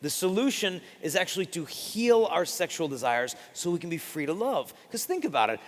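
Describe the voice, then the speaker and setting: A man giving a live talk as a Catholic speaker, telling lively stories and acting out the quotes. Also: a little high, brisk, in a large hall. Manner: animated storyteller acting out quotes.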